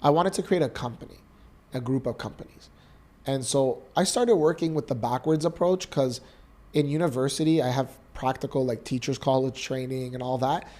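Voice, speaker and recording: On his podcast, a Canadian co-host in his thirties opens up about an emotional experience, earnest and full of energy. He speaks at a normal speed with a medium pitch.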